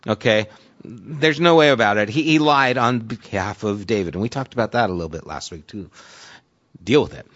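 A man's voice: on the low side, moderate pace, fairly bright tone. A man preaching a sermon in a conversational way, reading scripture aloud with dramatic emphasis. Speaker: pastor. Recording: dull lo-fi recording.

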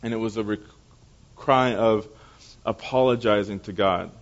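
Young male pastor, low voice, animated storyteller in a church sermon, dull lo-fi recording. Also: measured pace. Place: church service.

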